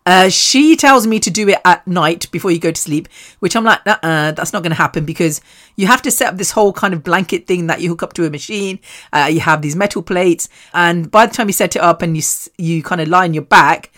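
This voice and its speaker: A woman's voice: fairly low pitch, brisk, a bit bright. A British woman hosting her own podcast, talking to listeners in a candid, rambling, self-mocking way with casual swearing. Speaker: podcast host. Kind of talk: candid solo podcast monologue.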